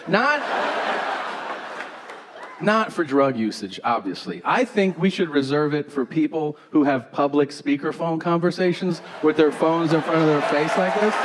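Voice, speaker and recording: Deadpan stand-up comedian, crowd laughing. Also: male voice, a little high. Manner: deadpan storytelling, acting out both sides of dialogue. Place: theater stage before a live audience. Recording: live show with crowd noise. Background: audience laughter.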